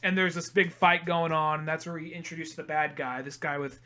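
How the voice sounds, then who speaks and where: Young guy on a podcast, high voice, acts out the lines while recapping a movie. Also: brisk. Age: young adult. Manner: animated retelling, acts out quotes in a high voice. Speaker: podcast co-host. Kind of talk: casual film discussion.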